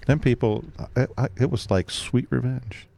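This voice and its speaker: A man's voice: medium pitch, steady tone, normal speed, vocal fry, dark tone, no echo. A man from Florida with a Southern drawl, telling folksy, joking stories on a casual radio chat show. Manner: folksy, joking, rambling anecdotes.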